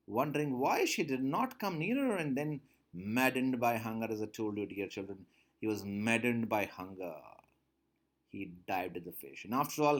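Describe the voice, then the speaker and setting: A man teaching a textbook story, reading each line aloud and then repeating and explaining it. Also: mid-range voice. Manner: reads a line, then repeats and paraphrases it with rising emphasis. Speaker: English teacher.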